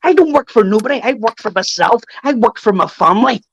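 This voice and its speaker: High-voiced Northern Irish man, threatening. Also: expressive, fast, gravelly, dry recording, lo-fi sound. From Northern Ireland. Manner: threatening, repetitive, keeps adding "mate". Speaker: guest on a live chat stream. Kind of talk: heated live-stream call-out.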